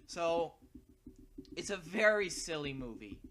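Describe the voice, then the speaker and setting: High-voiced excitable young guy. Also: takes it slowly. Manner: excitable and jokey, laughs often. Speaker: podcast co-host. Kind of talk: casual chat.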